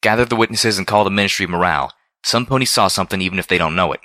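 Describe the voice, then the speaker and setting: A man's voice: low-pitched, very fast, dry recording, studio quality. A man reading a storybook voices a brash, blunt female pegasus pony who barks clipped orders. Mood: commanding. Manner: shouted, clipped commands.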